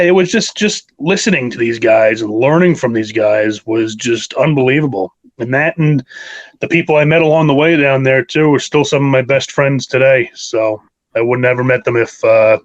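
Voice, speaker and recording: A man's voice: mid-range voice, moderate pace, muffled recording. A man in his thirties from New York, a wrestler guest talking casually in an interview, rambling and enthusiastic with many fillers.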